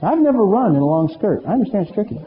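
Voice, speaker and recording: A middle-aged man preaching a storytelling sermon as pastor, animated and humorous, acting out bits of dialogue. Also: high voice, very fast. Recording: reverberant hall, muffled with faint noise.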